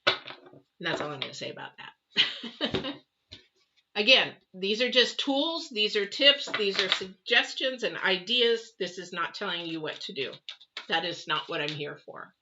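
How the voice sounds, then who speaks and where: A woman's voice: mid-range voice, animated, unhurried, muffled recording, background noise. A middle-aged woman doing a live tarot reading, chatty and rambling, talking straight to her viewers. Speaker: tarot reader.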